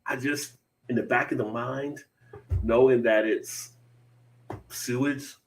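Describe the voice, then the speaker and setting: Jersey guy hosting a beer stream, mid-pitched, easygoing and jokey. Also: fairly even intonation, takes it slowly, low-quality recording. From New Jersey. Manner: laid-back, joking, reads beer news aloud. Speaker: beer show host. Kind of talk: casual live-stream chat.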